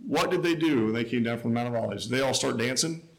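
A man's voice: quick pace, creaky, poor audio. Emphatic man preaching a sermon. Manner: emphatic, rising to a near shout then dropping low.

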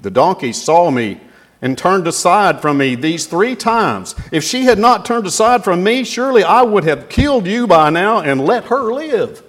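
A man's voice: high voice, lively intonation, normal speed, fairly bright tone, voice pushed up. A man voicing a stern, reproving angel in a Bible retelling. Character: stern male angel with a sword.

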